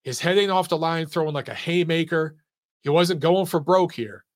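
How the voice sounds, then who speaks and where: A man with a slightly higher voice hosts his own boxing analysis show. He talks emphatically, firing off rhetorical questions and pointing out details as he goes, in a casual, conversational delivery. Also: normal speed. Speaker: boxing commentator and show host.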